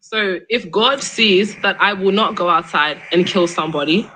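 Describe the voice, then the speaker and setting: A woman's voice: mid-range voice, moderate pace, background noise. A young woman hosting a live debate stream, argumentative and exasperated, pressing her question again and again. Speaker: livestream debate host.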